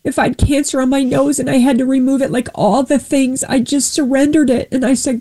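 A woman's voice: high-pitched, fairly even intonation, brisk, hardly any pauses, warm tone, poor audio. A woman giving an earnest faith testimony and retelling a Bible story, acting out the voices of its people. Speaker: guest sharing her faith testimony.

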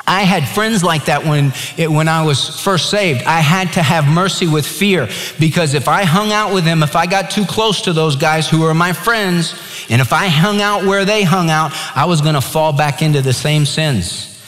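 A man's voice: a little high, fairly bright tone, long reverb tail. A man preaching a sermon as pastor, emphatic and conversational, telling stories along the way.

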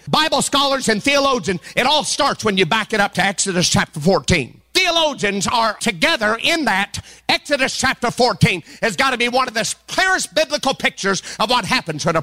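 A man preaching a sermon as pastor, acting out quoted voices with humor and building to sing-song, shouted emphasis. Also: very high-pitched.

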